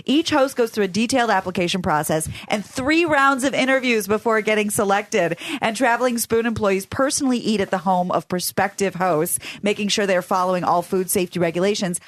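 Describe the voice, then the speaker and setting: A woman co-hosts a podcast at a middling pitch, trading quick remarks and reading short segments aloud. The sound is close and dry, with no room in it. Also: no echo. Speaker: podcast co-host. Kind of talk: casual chat and reading news segments. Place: cruise ship stateroom.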